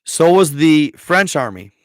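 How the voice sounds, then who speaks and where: Male streamer, unhurried and loose, slangy and rambling, dry close sound. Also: on the high side, sing-song, no echo. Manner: rambling, slangy, stumbles over words. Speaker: livestream host. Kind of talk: casual livestream history talk.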